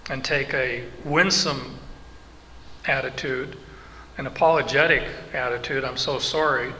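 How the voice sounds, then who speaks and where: A middle-aged man preaches in a bright, sharp voice that sits a little high for a man. He talks slowly and with emphasis, breaking off into asides and restarts as he works through a passage. A long hall reverb hangs behind him over a faint background noise. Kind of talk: expository sermon.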